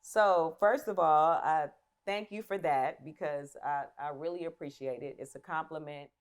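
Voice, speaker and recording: A middle-aged woman as an interview guest, chatting casually in a relaxed way, laughing easily. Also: sits low, moderate pace, smooth.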